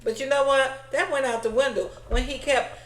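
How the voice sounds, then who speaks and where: A woman's voice: sits high, steady tone, moderate pace, roomy sound, low-quality recording. A woman giving a blunt, sassy, casual recap of a reality TV episode, acting out the quoted lines as she goes. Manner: sassy, blunt, retells scenes with quoted voices.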